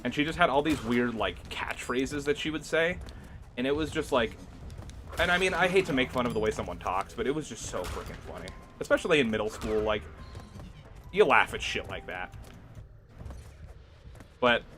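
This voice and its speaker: A man's voice: mid-range voice, a bit bright. A young man streaming a game, chatting loosely with lots of laughter and filler words as he rambles through a story. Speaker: gaming streamer. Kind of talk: casual livestream chat while gaming.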